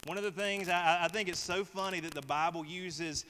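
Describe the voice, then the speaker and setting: A man's voice: sits high, fairly even intonation, normal speed, bright, forceful tone. A middle-aged male pastor preaching a sermon, emphatic and repetitive as he leads the congregation. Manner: emphatic, repeating phrases, leading the congregation. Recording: reverberant hall with faint noise.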